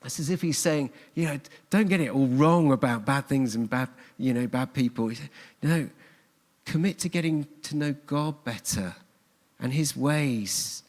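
A man's voice: medium pitch, moderate pace, darkish tone. A man preaching a sermon in a church, telling the story earnestly and repeating his key phrases for emphasis. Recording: long church hall reverb.

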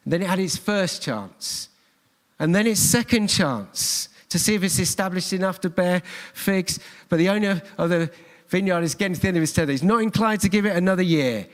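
A man's voice: high voice, lively intonation, a little fast. A man preaching a sermon in a church, telling the story earnestly and repeating his key phrases for emphasis. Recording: long church hall reverb.

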